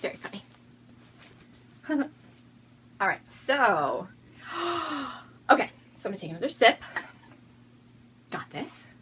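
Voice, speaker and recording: Bubbly woman host, giggly, lively up-and-down voice, faint room noise. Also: fairly high pitch, slow, long pauses. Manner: giggly, bubbly, prone to fits of laughter. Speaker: podcast host. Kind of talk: casual chatty video podcast.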